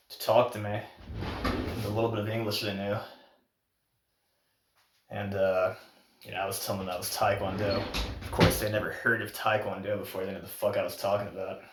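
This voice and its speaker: A man's voice: lowish voice, noisy background. Laid-back swearing man, roomy far-off sound. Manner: laid-back, swears freely, laughs often. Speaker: podcast host. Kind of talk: casual storytelling. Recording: roomy echo, off the mic.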